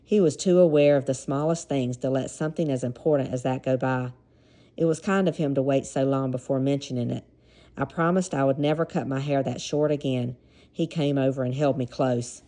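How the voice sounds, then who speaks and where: A woman's voice: very deep voice, brisk, dark tone. A woman with a Southern American accent reading a memoir aloud and dropping casual, chuckling asides between passages. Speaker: reader.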